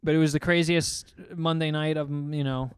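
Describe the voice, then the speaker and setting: A young man with a slightly raised voice tells a rambling stand-up story, jumping into quick impressions of the people he met. The sound is close and dry, with no room around it. He talks loosely and fills every gap with "like". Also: fairly high pitch, clear, resonant tone, no room sound. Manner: animated, acts out quoted voices, heavy filler "like". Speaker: podcast co-host, stand-up comic. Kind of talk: casual storytelling chat.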